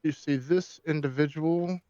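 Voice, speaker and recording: A man narrating as game master of a tabletop game, pausing often with ums and restarting his sentences. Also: on the high side, fairly even intonation, warm tone, smooth, no echo. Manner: halting, many ums and restarts while describing scenes. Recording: dull lo-fi dry sound.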